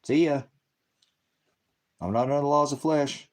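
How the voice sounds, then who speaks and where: This man's voice is on the high side with a darkish tone, delivered at a measured pace. Hosting a ministry livestream, he lectures on scripture and lashes out at commenters in his chat, profane, angry, and combative as he heckles them.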